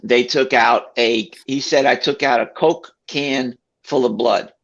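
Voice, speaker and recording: A man with a gravelly voice tells a story in a relaxed, chatty way. He brings it to life by acting out what each person said. The recording sounds a little dull and lo-fi. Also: medium pitch, unhurried. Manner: animated, acts out quoted voices.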